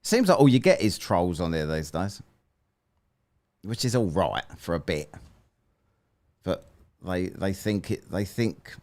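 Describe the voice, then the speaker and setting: A man's voice: low-pitched, a little mellow. A man hosting a livestream, debating callers in a sarcastic, mocking way. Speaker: livestream host.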